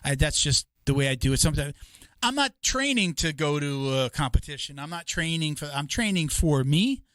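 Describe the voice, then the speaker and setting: Animated man in his fifties, dry sound. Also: fairly high pitch, moderate pace, no echo. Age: 50s. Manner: animated storyteller, acts out quotes of others; rambling, many restarts. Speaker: podcast host. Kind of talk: casual chat.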